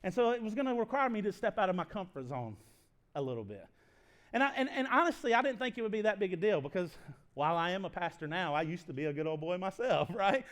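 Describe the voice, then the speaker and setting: A pastor in his thirties, speaking with a fairly high voice in a chatty, folksy sermon. He tells stories in a self-deprecating way, with frequent laughs and restarts. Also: sing-song, quick pace, a bit bright. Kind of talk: conversational sermon storytelling.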